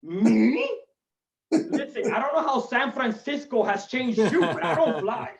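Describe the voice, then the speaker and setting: A man's voice: extremely high pitch, expressive, a little slow, echoey room, recorded from a distance, a loud crowd, full character voice. A male comedian voicing a proud, macho older father who sounds huffy and scandalized. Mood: indignant.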